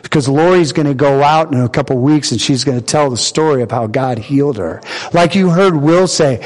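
A man preaching in a church, with a high voice that swings widely from line to line. His sermon acts out the voices of God and of his listeners, and he drives short phrases home by repeating them. The sound carries a long hall reverb. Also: expressive, normal speed, a little mellow. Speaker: pastor. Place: church sanctuary.

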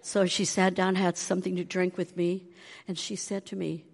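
Older woman with a gravelly voice. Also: lowish voice, moderate pace, long reverb tail. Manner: animated, acts out quoted voices. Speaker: speaker giving a testimony. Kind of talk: storytelling testimony.

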